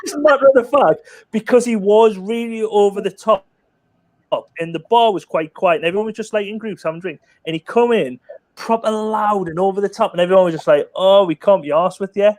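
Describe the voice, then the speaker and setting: High-voiced man telling a story. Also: a little fast, no echo. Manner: lively anecdotal storytelling, acting out other people's lines. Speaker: guest on a chat stream. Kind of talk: casual chat, telling a funny story.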